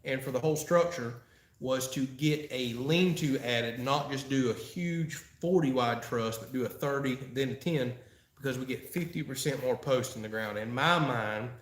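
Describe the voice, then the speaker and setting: In a medium-pitched voice at normal speed, a Florida man runs a casual live-stream Q&A, answering chat with folksy humor and frequent laughs. The room gives the recording an echo.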